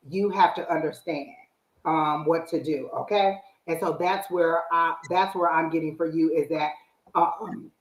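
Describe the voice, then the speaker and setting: Woman, psychic stream host, casual spiritual advice, animated, lowish voice, roomy echo. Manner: animated, acts out her own inner voice and quotes.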